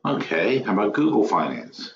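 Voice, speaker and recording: Low-voiced man muttering through a webinar. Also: big pitch swings, normal speed, creaky, a little hiss or hum. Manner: mutters to himself and scolds his software; rambling, self-correcting. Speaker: webinar host. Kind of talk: live trading webinar, thinking aloud. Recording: roomy, dull lo-fi webinar audio.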